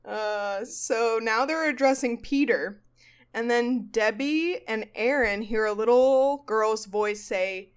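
A woman hosting a podcast in casual comedic chat, animated, swearing freely and acting out quotes. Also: fairly high pitch, measured pace, clean tone. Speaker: podcast host. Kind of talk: casual comedic chat recapping a ghost show.

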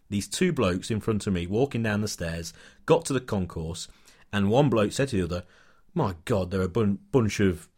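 A man on a podcast, telling an animated, ranting story in casual chat. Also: lowish voice. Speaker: podcast co-host.

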